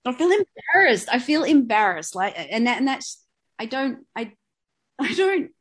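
A woman co-hosting a podcast, chatting casually in an expressive, self-deprecating way. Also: high-pitched, measured pace, slightly rough. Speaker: podcast co-host. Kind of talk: casual chat.

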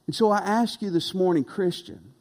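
A man's voice: sits high, a little mellow. Earnest preaching man in echoing hall. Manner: earnest, emphatic preaching with dramatic pauses. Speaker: pastor. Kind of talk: sermon. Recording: long reverb of a large hall.

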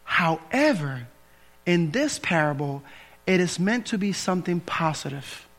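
A man's voice: high-pitched, animated, measured pace, a bit bright. A pastor preaching a sermon to his congregation, earnest, with frequent restarts and fillers. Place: church sanctuary.

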